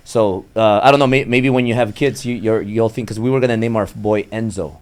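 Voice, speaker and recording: Podcast host: a man in his thirties with a lowish voice, agreeable and easygoing. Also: brisk. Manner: affirming, agreeable, talks about family. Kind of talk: casual chat.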